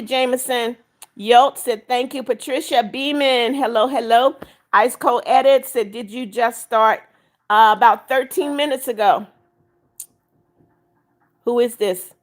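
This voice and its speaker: A woman's voice: a little high, measured pace. Older woman hosting a chatty live stream. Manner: reads viewer comments aloud, warm greetings, firm with rule breakers. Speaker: livestream host. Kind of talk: live chat reading.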